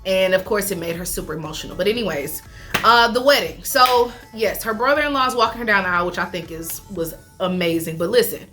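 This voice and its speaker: A woman chatting casually as she recaps a reality show, animated, laughing often and talking with lots of fillers. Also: mid-range voice, brisk, music in the background.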